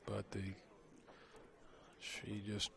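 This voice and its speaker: A man giving low, calm play-by-play commentary on a pool match, recorded in a casino event hall. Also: drawn-out words, a little hiss or hum.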